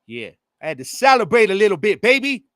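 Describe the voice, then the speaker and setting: A man in his forties hosting a sports podcast from home, talking loosely and excitedly to his listeners with plenty of slang. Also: high voice, fast, dry recording, studio quality. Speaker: podcast host. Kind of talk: casual sports podcast monologue. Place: home room with air conditioning.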